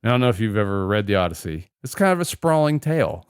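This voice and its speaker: Animated sarcastic man with a lively voice. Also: on the low side, fairly quick, smooth, no room sound, studio quality. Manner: animated, sarcastic, swears freely. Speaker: podcast co-host. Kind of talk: casual film podcast chat.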